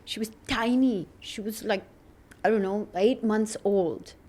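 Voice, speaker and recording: A woman's voice: mid-range voice, unhurried, a little mellow. A middle-aged woman talking candidly as a podcast guest, earnest and reflective, laughing often.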